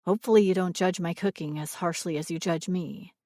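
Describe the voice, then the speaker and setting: A woman voicing a weary young father who talks to a small child quietly and patiently. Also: on the low side, steady tone, a little fast, dry recording, clean studio sound, close to an everyday voice. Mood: wry.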